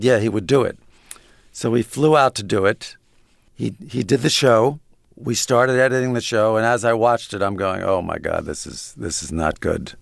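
A man's voice: medium pitch, gravelly, dry recording. A man being interviewed as a guest, telling stories in a dry, self-deprecating way. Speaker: guest, comedy writer. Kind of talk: casual interview storytelling.

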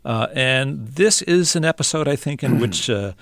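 A male interview host who introduces clips in a calm, measured way. His voice sits at a middle pitch. The studio sound is dry. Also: vocal fry, no room sound. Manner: measured, explanatory. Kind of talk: radio interview.

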